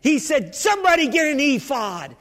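High-voiced preacher in an echoing hall. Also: male voice, big pitch swings, normal speed, fairly bright tone. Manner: exhorting, repetitive, with many restarts. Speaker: pastor. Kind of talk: sermon. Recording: long hall reverb.

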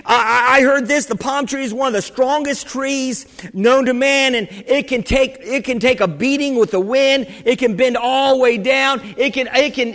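A pastor preaching a sermon with fervent energy, often rising into shouts and restarting his sentences. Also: very high voice. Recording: church hall with long reverb.

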